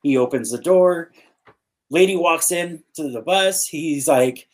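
A man with a somewhat high voice tells a long joke in a relaxed podcast chat. He slips into the characters' voices as he goes and jumps his pitch up for the punchlines. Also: takes it slowly. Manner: animated, acts out characters in his jokes. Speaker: podcast co-host telling a joke. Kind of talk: casual storytelling.

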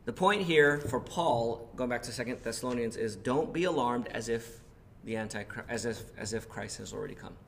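A young adult male pastor preaching a conversational sermon, with lots of fillers and lively retelling. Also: mid-range voice, moderate pace, vocal fry, slight background noise. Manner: conversational, animated when retelling, many fillers. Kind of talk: sermon with personal story.

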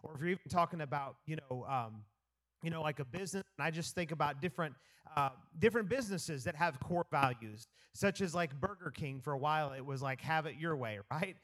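A man's voice: fairly high pitch, a little fast, a bit bright. A pastor preaching to his church congregation on a handheld microphone, in a loose, conversational way full of fillers and restarts, with playful asides. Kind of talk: sermon. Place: church hall with a live congregation.

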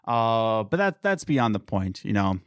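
A man's voice: very animated, a little slow, clear, resonant tone, no echo, studio quality. A young adult man co-hosting a podcast, rambling and emphatic in casual talk. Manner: rambling, emphatic, jumps in pitch. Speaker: podcast co-host. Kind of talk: casual conversation.

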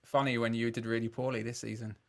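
A man's voice: medium pitch, flat delivery, fast, vocal fry. A man hosting a casual podcast, asking the guest questions and often restarting mid-sentence. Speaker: podcast host.

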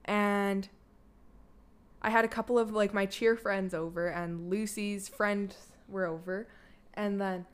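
A young woman with a Canadian accent tells her own story in a casual, rambling way. She leans on filler words and swears freely. Her voice is smooth and resonant, sitting at an ordinary middle pitch for a woman. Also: fairly even intonation, slow pace. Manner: candid, loose and chatty, heavy filler "like", swears freely. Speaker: guest, daughter of the host.

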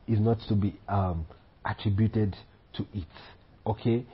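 Male preacher, sermon, husky voice, rhetorical questions, dull lo-fi recording. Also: mid-range voice. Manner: rhetorical questions, frequent "Okay?" check-ins.

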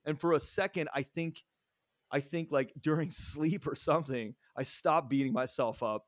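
A man's voice: fairly high pitch, normal speed, no room sound, clean studio sound. A man in his thirties telling a personal story in a casual interview, earnest and rambling, often restarting his sentences. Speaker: podcast guest.

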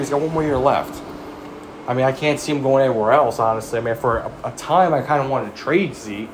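A man vents about football in a heated, profane monologue, firing rhetorical questions at rival fans. His voice sits in an ordinary middle pitch. A faint air-conditioning hum runs underneath. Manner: exasperated, swearing, rhetorical questions. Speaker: sports fan commentator. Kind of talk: profane sports rant.

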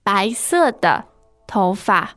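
Slow, careful woman modeling words. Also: medium pitch, very animated, fairly bright tone, no echo, faint music behind. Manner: models words slowly, repeating each twice. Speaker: Chinese language co-host. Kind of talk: casual teaching chat.

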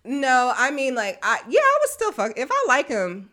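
A woman's voice: high-pitched, wildly swooping pitch, normal speed, pushed and bright. A woman in her thirties co-hosting a casual chat, talking bluntly and profanely with lots of animation. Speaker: podcast co-host.

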